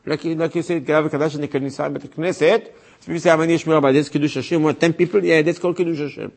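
A man's voice: on the high side, fairly even intonation, fast, gravelly, darkish tone. A man, a rabbi, giving a religious lecture in an emphatic way, repeating his points and acting out voices he quotes.

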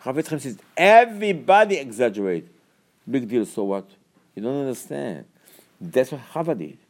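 Preaching a Torah sermon, a rabbi speaks emphatically, firing off repeated rhetorical questions. He swings from low, quiet explanation to loud, high-pitched scolding, with big pitch swings at a normal speed.

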